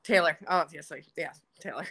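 A woman's voice: deep voice, brisk, pushed and bright. A young woman co-hosting a podcast in casual chat, bubbly, laughing often and swearing freely. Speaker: podcast co-host.

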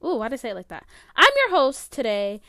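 A late-teen woman hosts her own casual solo podcast from her bedroom, recording on a phone, rambling with lots of "like" and "um" and often cutting herself off mid-sentence. Her fairly high voice swoops wildly in pitch, and she talks fast with a bright, forceful tone. The sound is clean, studio-quality and free of echo.

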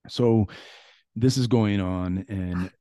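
A man with a low, dark voice tells a long story from his security work in a loose, conversational way. He rambles a little, fills gaps with "uh" and restarts, and swears freely. The sound is dry and close, with no room around it. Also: slow pace, no echo. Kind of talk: casual storytelling.

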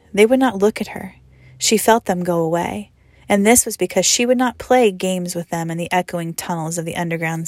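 A woman reading a story aloud expressively, slowing down and sometimes dropping to a whisper. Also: fairly low pitch, dry recording. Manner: expressive, slows and drops to a whisper for effect. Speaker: story reader.

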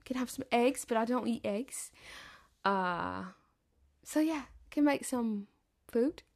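Chatty, profane Southern woman, gravelly. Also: on the high side, expressive, slow, a little mellow. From American South. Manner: chatty, profane, laughs often, trails off. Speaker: podcast host. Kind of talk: rambling storytelling monologue.

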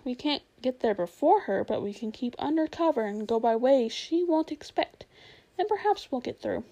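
A woman voicing a bustling, motherly female beaver who talks briskly and practically, in a storybook reading. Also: high-pitched, expressive, mellow, rough recording. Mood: soothing, brisk. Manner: brisk, fussing, homely.

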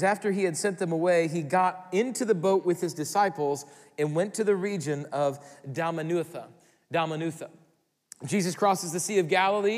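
A man in his thirties preaching a sermon as pastor, moving from quiet asides to sudden exclaimed questions. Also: a little high. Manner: animated, swings from quiet to exclaiming. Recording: long hall reverb.

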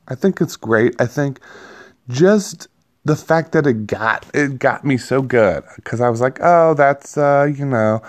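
Guy ranting about a movie he loved, swears a lot, laughs at himself. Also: medium pitch. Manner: rambling, profane, laughs at himself. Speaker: movie reviewer. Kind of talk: casual movie review vlog.

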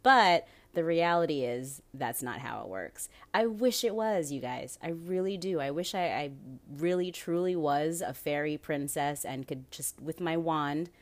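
A woman's voice: deep voice, animated, a little slow. A young woman hosting her own podcast, talking alone in a candid, profane way and laughing often. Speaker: podcast host. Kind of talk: casual solo podcast monologue.

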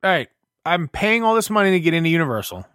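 Male co-host in his thirties, blunt sarcastic griper, a bit high-pitched, dry mic. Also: sing-song, quick pace, fairly bright tone, smooth, no room sound. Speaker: podcast co-host. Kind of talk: casual tech podcast chat.

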